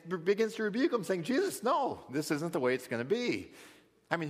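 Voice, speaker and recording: A man teaching a Bible study, explaining scripture thoughtfully and acting out quoted lines. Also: on the high side. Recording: long hall reverb.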